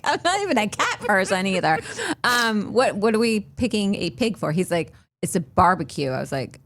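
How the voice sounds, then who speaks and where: A woman's voice: medium pitch, big pitch swings, moderate pace, a bit bright. Easygoing woman podcast co-host. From northern US. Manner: easygoing, laughs while telling stories. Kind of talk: casual chat.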